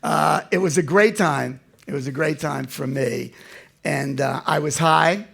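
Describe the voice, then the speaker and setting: Here an unhurried man in his seventies, voice gravelly and a little high, recounts his life to a listening audience. The storytelling is animated, rising to loud passages and dropping to near whispers.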